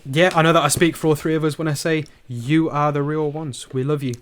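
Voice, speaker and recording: A man co-hosting a podcast, speaking in a relaxed, matter-of-fact way as he points listeners to the show's support page. His voice sits a little high for a man. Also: brisk. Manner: relaxed, plugs the show matter-of-factly. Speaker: podcast co-host. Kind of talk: casual chat.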